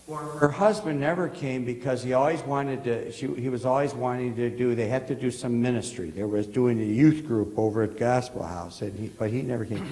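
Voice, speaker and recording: Halting pastor in an echoing church. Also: male voice, mid-range voice, a little mellow. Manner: halting, repeats words, asks the congregation questions. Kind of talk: rambling sermon anecdotes. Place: church sanctuary.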